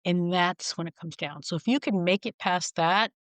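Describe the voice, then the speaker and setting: A woman's voice: lowish voice, normal speed, dry recording. A middle-aged woman speaking frankly as a podcast guest, telling wry stories and acting out the people in them. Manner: frank, wry, acts out quoted voices. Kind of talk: candid storytelling conversation.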